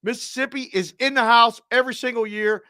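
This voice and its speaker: Bright, high-voiced upbeat male host. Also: fairly quick, no echo, studio quality. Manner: upbeat, shouts out names and area codes. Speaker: show host. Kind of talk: live show, reading viewer shout-outs.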